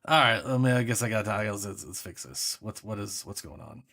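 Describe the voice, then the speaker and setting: A man hosting a let's play, giving casual gameplay commentary, excitable, swearing and laughing often. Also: fairly low pitch, brisk, creaky, no room sound, clean studio sound.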